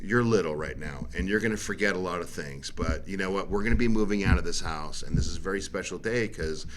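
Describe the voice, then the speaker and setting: A man's voice: sits low, quick pace, a little hiss or hum. A middle-aged man chatting casually as host, telling rambling stories and acting out what others said. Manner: rambling storyteller, acts out quotes. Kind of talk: casual chat.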